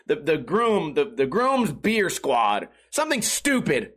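A man's voice: on the high side, wildly swooping pitch, takes it slowly, a bit bright, husky. A man telling a casual story in a rambling, profane way, often laughing as he talks.

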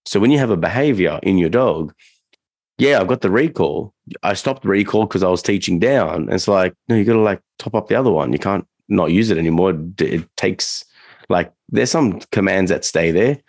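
A man's voice: sits low, a little fast, darkish tone, no echo. A man co-hosting a casual dog-training podcast, rambling loosely with lots of fillers and restarts.

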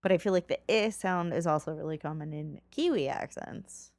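A woman's voice: low voice, fairly quick, a little mellow, dry recording. A woman from California, co-hosting a podcast in casual, giggly chat that trails off with fillers. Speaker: podcast co-host.

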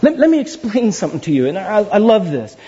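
A man preaching a sermon, animated and playful, with frequent asides and words repeated for emphasis, heard on a dull lo-fi recording. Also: high voice, quick pace, breathy edge. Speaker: pastor.

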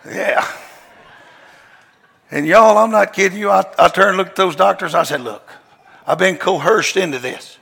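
A man preaching a sermon, telling a story in a folksy, emphatic way with slang, often shouting and laughing his way through it. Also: sits high, normal speed, creaky, long pauses, husky. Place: large church hall. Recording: long hall reverb.

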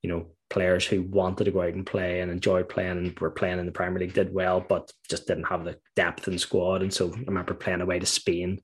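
Middle-aged ex-footballer from Northern Ireland, low husky voice, animated anecdotes. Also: male voice, a little fast, few pauses. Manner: animated storytelling, laughs while recalling. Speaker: former footballer guest. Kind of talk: casual interview chat.

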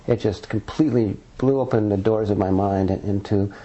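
Earnest rambling man, dark voice. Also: lowish voice, steady tone, moderate pace, breathy edge, lo-fi sound. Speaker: author and Sasquatch researcher. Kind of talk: conversational interview.

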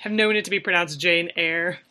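Woman cohosting, deadpan little comments, sharp bright tone. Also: fairly low pitch, a little fast. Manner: understated, dry humor. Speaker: podcast co-host. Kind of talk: casual chat.

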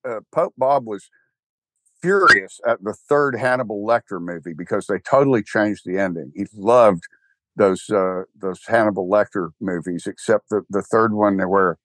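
A man's voice: fairly low pitch, normal speed, a bit bright, no room sound. An older man with a Texan accent, rambling wryly in a casual interview chat, full of restarts and fillers. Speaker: guest, church co-founder.

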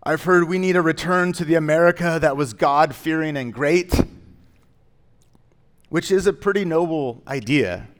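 A man's voice: a little high, moderate pace. A man pastor preaching a sermon in a conversational way, with joking asides that rise into emphatic declarations.

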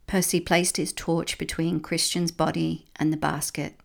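A woman reading a children's book aloud in a gentle, steady storytelling manner. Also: low voice, moderate pace, creaky, few pauses. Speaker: storybook reader.

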